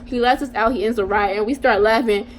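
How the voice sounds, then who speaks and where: A young woman vlogger telling a casual storytime in an animated, slangy way, talking straight to her viewers. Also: fairly high pitch, fast, a little hiss or hum.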